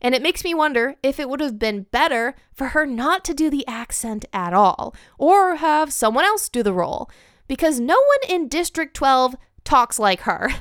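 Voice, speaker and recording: A woman's voice: sits high, very animated, moderate pace, fairly bright tone, clean tone, no room sound, studio quality. A woman hosting a podcast, giving a candid, opinionated film review with light laughs. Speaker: podcast host.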